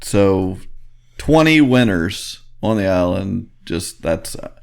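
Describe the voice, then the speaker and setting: A man with a fairly low voice co-hosts a casual podcast. He rambles and gets excited, acting out what people said as he tells a story. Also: slow pace, gravelly, smooth. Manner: enthusiastic, rambling storyteller who acts out quotes. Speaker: podcast co-host. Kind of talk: casual chat.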